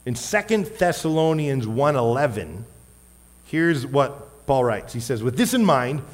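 A man preaching a sermon as a pastor, wearing a microphone, emphatic, with loud stressed words and quiet asides. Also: medium pitch, big pitch swings, measured pace. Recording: long hall reverb.

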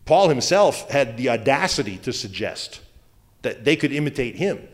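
A man's voice: medium pitch, expressive, moderate pace. Male pastor, conversational preaching style, joking asides, long hall reverb. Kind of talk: sermon.

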